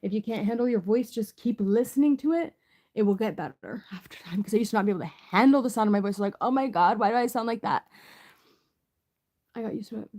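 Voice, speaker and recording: Warm and quick, this medium-pitched woman reads tarot in a loose, rambling chat. She's chatty and profane, with plenty of filler words throughout.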